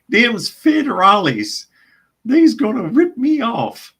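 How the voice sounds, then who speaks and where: A man voicing a rowdy old backwoods hillbilly man in an exaggerated Southern hillbilly accent, hollering and drawling in a high voice. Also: wildly swooping pitch, extremely slow, a bit bright, slightly rough, full character voice. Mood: suspicious.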